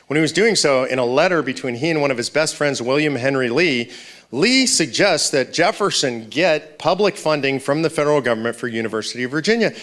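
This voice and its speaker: A man's voice: mid-range voice, a bit bright. Emphatic man lecturing students. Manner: conversational and emphatic, with rhetorical questions. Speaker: speaker at a political event. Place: university lecture hall.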